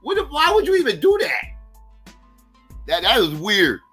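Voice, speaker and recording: A man's voice: sits high, huge pitch swings, measured pace, pushed and bright, husky, faint music behind. A man hosting a livestream, reacting with profane, mocking rhetorical questions. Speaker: livestream host. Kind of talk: live reaction commentary.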